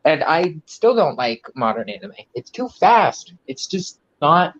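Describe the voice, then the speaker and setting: A man's voice: fairly high pitch, big pitch swings, measured pace. Give me a young man rambling casually on a dull, lo-fi mic. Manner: rambling, laughs often, many "like" fillers. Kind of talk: casual chat.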